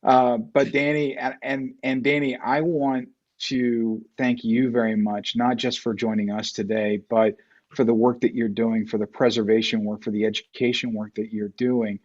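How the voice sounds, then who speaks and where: A man hosting a livestreamed panel conversation, talking earnestly and conversationally, with some halting restarts. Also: mid-range voice, little pitch movement, darkish tone, lo-fi sound. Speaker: host. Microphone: video call.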